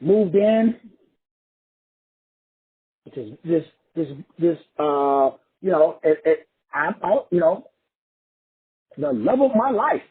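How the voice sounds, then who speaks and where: A motivational speaker from Texas, USA, takes his time with a profane, emphatic monologue, leaving long pauses and repeating phrases for impact. His voice is on the high side, expressive, and slightly rough, heard through tinny, phone-like audio.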